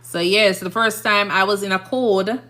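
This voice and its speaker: Chatty Jamaican woman, bright voice. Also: medium pitch, fairly even intonation, normal speed. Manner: chatty, rambling, frequent "you understand?". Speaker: nurse streamer. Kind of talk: casual live-stream chat.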